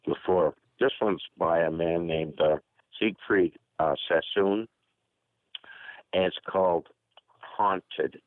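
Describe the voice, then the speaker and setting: Deep-voiced older man on a phone line. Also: fairly even intonation, takes it slowly, long pauses, no echo. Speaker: poetry reader. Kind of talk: reading a poem aloud at an open-mic call. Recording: dry phone-line audio.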